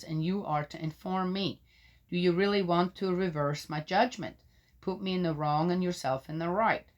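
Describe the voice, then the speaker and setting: A woman reading scripture aloud, breaking off into skeptical, argumentative asides that sink to a mutter. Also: lowish voice. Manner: interrupts herself with doubting, argumentative remarks; loud when reading, drops to mutters for asides. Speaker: scripture reader and commentator.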